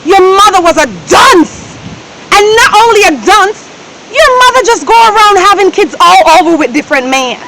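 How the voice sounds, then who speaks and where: An actress with a Jamaican accent playing a bossy, scornful wife who scolds and shouts at her household. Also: extremely high pitch, expressive, moderate pace. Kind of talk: comedy skit acting. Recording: loud background noise.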